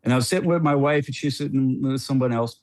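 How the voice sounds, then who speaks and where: Middle-aged male guest, chatty storyteller, restarts and laughs a lot, mid-pitched, dry studio sound. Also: fast, dry recording. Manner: rambling and animated, with frequent restarts and laughs. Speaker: podcast guest, former NBA player. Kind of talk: casual storytelling on a podcast.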